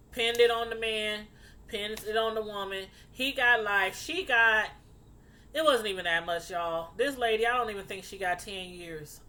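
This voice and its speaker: A woman casually recounting a true crime story to her viewers, getting animated and outraged as she tells it. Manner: animated, outraged, rising high when indignant.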